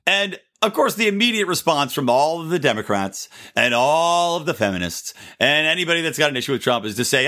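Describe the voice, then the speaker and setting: A man hosting his own podcast, talking through his opinions in a sarcastic, animated solo monologue and laughing at his own jokes. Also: on the high side, a little fast, hardly any pauses. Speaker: podcast host.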